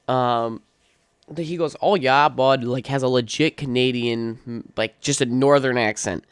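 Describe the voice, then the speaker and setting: Blunt young man ranting, smooth voice. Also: mid-range voice, no room sound, studio quality. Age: young adult. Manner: blunt, profane and opinionated, with frequent fillers. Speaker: podcast host. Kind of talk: casual solo rant.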